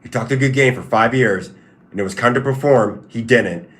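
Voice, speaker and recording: A man's voice: mid-range voice, moderate pace, fairly bright tone. A man hosting a casual livestream who answers chat questions in a repetitive, stop-start, emphatic way. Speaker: livestream host and fighter.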